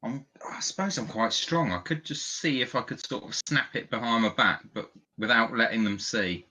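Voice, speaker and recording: British guy, sharp bright voice, kinda unsure, asking how stuff works in the game. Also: medium pitch, moderate pace. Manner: tentative, unsure of the rules. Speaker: player. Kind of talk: casual tabletop game chat over voice call.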